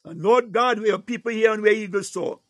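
Man, high pitched voice, fervent prayer leader, calls out to God between phrases, dry close sound. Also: a little fast, dry recording. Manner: repeats "oh God" and "Lord" between phrases, swells from hushed to near-shouting; breaks into tongues. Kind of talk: fervent spontaneous morning prayer.

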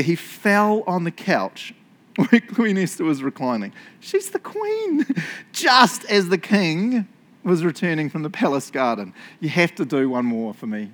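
A man preaching a lively sermon, laughing often and acting out the characters' voices. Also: a little high. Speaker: pastor.

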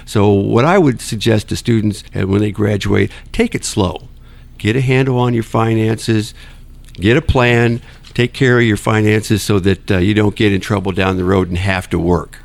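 A man, a nurse anesthetist, chatting as a podcast guest in a relaxed, folksy way and giving advice. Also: fairly low pitch, moderate pace, vocal fry. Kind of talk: casual interview chat.

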